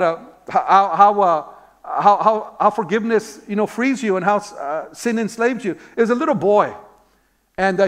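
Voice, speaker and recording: A man with a high voice preaches a sermon from the pulpit. He tells a story, throws rhetorical questions at the congregation and calls out amen, now and then repeating a word while he searches for the next. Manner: repeats words when searching for them. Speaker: pastor.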